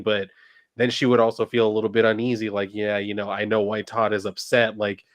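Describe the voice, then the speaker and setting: A man's voice: lowish voice, level tone, fairly quick. Heated, ranting man on a podcast. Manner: heated, ranting, swears freely. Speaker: podcast co-host. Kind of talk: casual pop culture chat.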